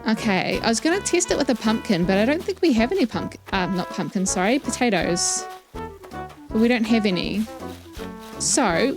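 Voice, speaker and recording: A woman with a New Zealand accent giving chatty, playful commentary while playing a video game. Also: a little high. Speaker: let's play host. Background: game music.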